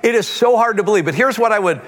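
A man's voice: sits high, animated, fast, long reverb tail. A man preaching a sermon, telling a story animatedly with quoted voices. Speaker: pastor.

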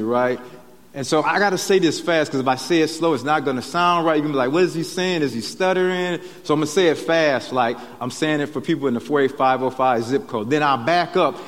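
A man preaching a sermon in a conversational way, often checking in with "right?". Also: on the high side. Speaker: pastor. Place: church sanctuary. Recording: long reverb of a church hall.

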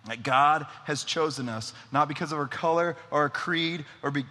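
A man's voice: on the high side, moderate pace, bright, forceful tone. A young adult man giving a conversational sermon, casual and often checking in with his listeners. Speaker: preacher. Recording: long hall reverb.

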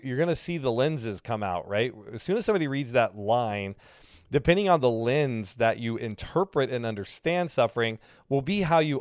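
A man's voice: mid-range voice, clear, resonant tone, no room sound, clean studio sound. A male pastor teaching a casual sermon, talking conversationally and often correcting himself mid-sentence. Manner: conversational, self-correcting, with frequent fillers.

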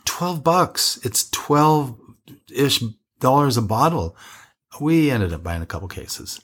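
A man's voice: medium pitch, expressive, slow pace, fairly bright tone. A man co-hosting a wine podcast, chatting casually and rambling with frequent restarts. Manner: rambling, self-interrupting. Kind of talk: casual chat.

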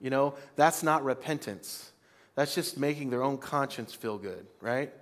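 A man's voice: mid-range voice, steady tone, normal speed. A man preaches a sermon to a congregation in a mid-range voice. He leads the room in call-and-response, asking listeners to repeat lines after him. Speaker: pastor. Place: church before a congregation.

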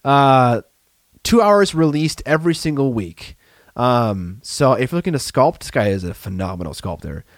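Chatty man with a lively voice. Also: medium pitch, normal speed, no room sound, studio quality. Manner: rambling, joking, trails off into fillers. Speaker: podcast co-host. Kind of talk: casual chat.

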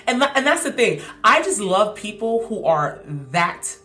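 A young woman hosting a podcast, sharing a casual, heartfelt devotional reflection with slang and emphatic repeats, her voice going a bit hoarse. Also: medium pitch, big pitch swings, unhurried, few pauses, bright, forceful tone, soft background music. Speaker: podcast host.

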